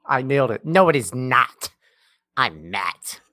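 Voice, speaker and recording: A man's voice: medium pitch, sing-song, a little slow, bright, forceful tone, dry recording, pitched below the performer's own voice. A man doing a teasing impression of his fellow podcast host, mock-serious and full of fillers. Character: mocking impression of a male co-host. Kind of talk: comedic podcast banter.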